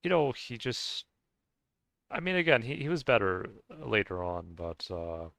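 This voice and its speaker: A man's voice: on the low side, big pitch swings, unhurried, gravelly, fairly bright tone, no room sound. A man ranting casually to his viewers in a rambling way, with many restarts and fillers and frequent swearing. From United States. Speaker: vlogger. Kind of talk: casual rant to camera.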